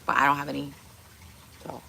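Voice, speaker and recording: Woman streamer, low voice, blunt, opinionated, casual swearing, rhetorical questions. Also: completely flat delivery, brisk, vocal fry, sharp tone, slight background noise. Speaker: livestream host. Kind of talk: casual livestream chat. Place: home kitchen.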